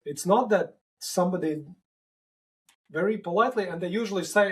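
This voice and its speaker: A man answering interview questions in a halting way, often repeating and restarting words. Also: high-pitched, poor audio. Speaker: podcast guest.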